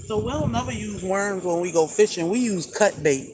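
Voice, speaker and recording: A woman's voice: medium pitch, lively intonation, normal speed, noisy background. A woman hosting a homestead livestream, chatting casually and laughing as she answers viewer comments. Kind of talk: casual live chat.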